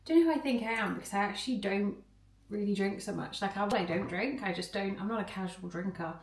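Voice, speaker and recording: A young woman chatting casually in a vlog, giggly and quick to get excited. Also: mid-range voice, roomy sound, a little hiss or hum. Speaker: vlogger and personal trainer.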